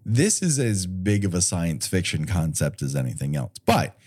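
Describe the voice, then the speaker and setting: A low-voiced man co-hosts a casual movie chat, his pitch swinging widely as he riffs. He is sarcastic and profane, and he slips into mocking little voices to quote people. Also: big pitch swings, moderate pace, a little mellow, breathy edge. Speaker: podcast co-host.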